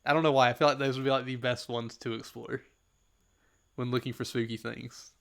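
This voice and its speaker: Bright-voiced chatty streamer man. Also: mid-range voice, fairly even intonation, brisk, vocal fry. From Southern United States. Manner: chatty, rambling, answers chat messages, laughs often. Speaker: gaming livestreamer. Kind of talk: casual livestream chat.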